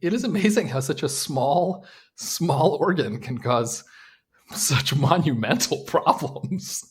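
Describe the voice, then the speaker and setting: Lively, husky-voiced male co-host. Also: on the high side, slow. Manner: laughs often, repeats words. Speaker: podcast co-host. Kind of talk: casual chat.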